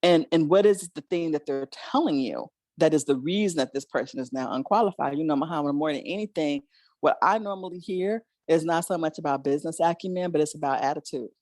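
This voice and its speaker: A woman's voice: low-pitched, quick pace, a little mellow, no room sound. A woman hosting a podcast, chatting reflectively and laughing between thoughts. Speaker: podcast host. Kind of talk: casual podcast discussion.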